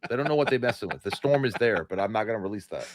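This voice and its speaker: A man's voice: fairly low pitch, animated, racing, no echo, clean studio sound. A man co-hosting a live movie show, giving blunt opinions in a casual, rambling way. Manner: blunt, opinionated, trails off and restarts. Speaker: podcast co-host. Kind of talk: casual live-stream chat.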